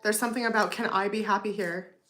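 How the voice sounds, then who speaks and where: A woman's voice: medium pitch, fairly even intonation, quick pace, a bit bright, slight background noise. A woman giving a casual tarot reading to her viewers, chatty, often adding "okay?" and "you know what I mean?". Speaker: tarot reader.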